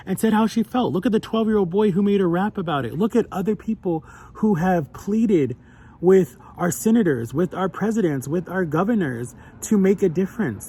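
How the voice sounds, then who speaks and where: Young man, slightly high voice, breathy and husky, earnest heartfelt vlog talk. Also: darkish tone. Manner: earnest, emotional, voice rising when upset. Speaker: vlogger. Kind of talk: personal vlog commentary.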